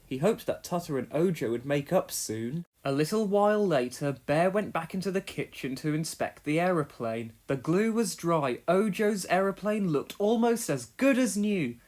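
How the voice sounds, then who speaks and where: A woman narrating a children's storybook aloud with expressive storytelling. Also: on the low side, moderate pace, few pauses. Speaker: storybook reader.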